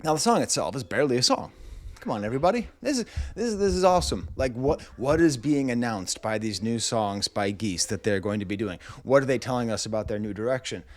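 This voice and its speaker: A man's voice: on the low side, lively intonation, brisk. A middle-aged man reviewing music, telling a long story in a rambling, wry way full of comic asides, indoors in a rental house.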